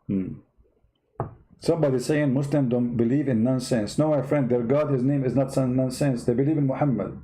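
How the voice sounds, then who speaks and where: A man's voice: mid-range voice, moderate pace, mellow. A man from the Middle East hosting comic religious commentary in a sarcastic, mock-dramatic way. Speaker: host.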